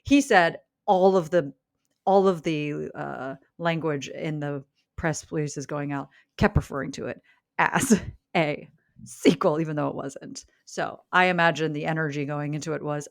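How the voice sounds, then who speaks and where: A woman from the United States co-hosting a podcast, talking in a rambling, excitable way. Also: sits low, measured pace, gravelly, no room sound, clean studio sound. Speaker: podcast co-host. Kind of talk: casual podcast chat.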